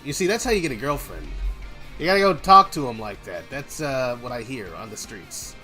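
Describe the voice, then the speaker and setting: Lively joking young man on stream. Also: medium pitch, fairly quick, music in the background. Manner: joking, teasing, animated. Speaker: game developer streamer. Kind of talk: casual stream chat.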